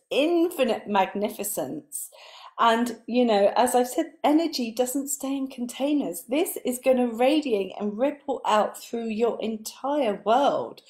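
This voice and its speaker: Her voice fairly high in pitch, a woman spiritual coach delivers an earnest live motivational talk. She lays out her points in repeated lists, letting her voice fall soft and breathy on the words that matter most.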